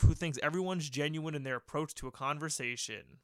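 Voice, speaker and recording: A man's voice: a little high, a little fast, a bit bright, clean tone, dry recording, clean studio sound. A man of thirty chatting casually as a podcast host, rambling and swearing as he tells a work story. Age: 30s. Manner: rambling, profane, self-correcting. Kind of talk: casual chat.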